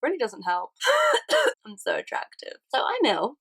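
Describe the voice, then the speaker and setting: A young woman vlogging with a hoarse, croaky voice from a cold, chatty, self-mocking and sweary. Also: a little high, wildly swooping pitch, measured pace, a bit bright. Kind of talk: casual chat to camera.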